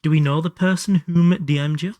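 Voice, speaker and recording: Streaming a game, a young man from Hull, England, chats casually in a Hull Yorkshire accent, swearing and tossing in laughing asides. His voice is a little high, mellow and a little fast, with fairly even intonation and no room sound.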